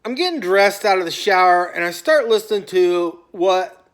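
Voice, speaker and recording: A man in a rambling, casual rant to his phone camera at home, often stopping himself and trailing off into quiet mutters. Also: sits high, animated, moderate pace. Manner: talkative, self-interrupting, drifts off into quiet mutters. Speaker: vlogger. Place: at home on a couch.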